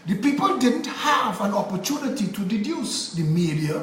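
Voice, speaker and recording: A man's voice: high voice, very animated, normal speed, reverberant, a little hiss or hum, low-quality recording. Fiery Trinidadian man ranting. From Trinidad and Tobago. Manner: angry, fiery, preaching cadence. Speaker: political commentator vlogger. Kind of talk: impassioned political monologue.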